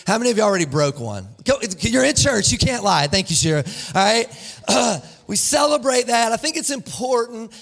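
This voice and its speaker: A man's voice: very high voice, very animated, normal speed, vocal fry, a bit bright. A man serving as lead pastor, preaching a live church sermon in an upbeat way and asking the congregation questions. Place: church sanctuary.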